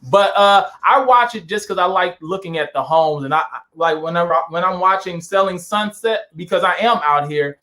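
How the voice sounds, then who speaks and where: High-voiced man telling stories. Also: normal speed, hardly any pauses. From Saint Louis, USA. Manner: animated, tells anecdotes with lots of fillers. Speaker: interview guest. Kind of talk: casual storytelling chat.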